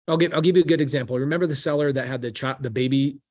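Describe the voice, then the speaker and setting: A man with a middle-range voice tells a story with lively, animated energy, full of casual slang. He speaks in a relaxed podcast conversation as a real estate investor. The audio is a bit dull. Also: medium pitch, rapid-fire.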